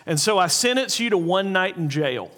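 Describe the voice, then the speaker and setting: A man preaching a sermon in an earnest way, slowing down and repeating key lines for emphasis. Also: high-pitched, animated, a bit bright. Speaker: pastor.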